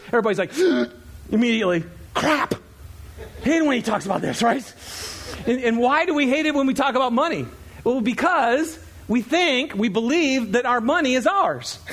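A middle-aged man preaching a sermon in a church, conversational and animated, laughing often and acting out quotes. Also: high voice. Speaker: pastor. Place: church sanctuary.

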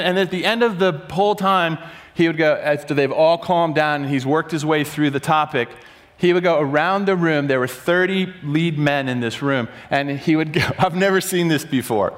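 A slightly high-voiced man preaches to a crowded room, telling a story with lively energy. He shifts from quiet, low asides to sudden loud, animated bursts as he acts out what others said. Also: normal speed. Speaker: pastor. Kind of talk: sermon storytelling. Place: large room before an audience.

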